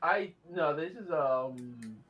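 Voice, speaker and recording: A man's voice: on the high side, lively intonation, takes it slowly, a bit bright, slightly rough. A man co-hosting a casual fan review show, rambling with lots of fillers. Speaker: podcast co-host, animator.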